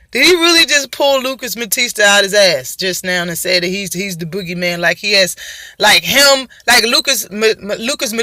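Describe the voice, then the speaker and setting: A man's voice: sits high, moderate pace, pushed and bright, no echo, studio quality. A man hosting his own show, giving casual, heated commentary on boxing with a profane, mocking manner.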